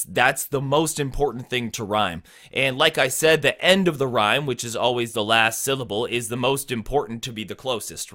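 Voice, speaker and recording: Guy explaining rap rhymes, bright tone, chill and chatty, spits little bars as examples. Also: mid-range voice. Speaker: rap teacher. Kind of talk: casual lesson on rap rhyming.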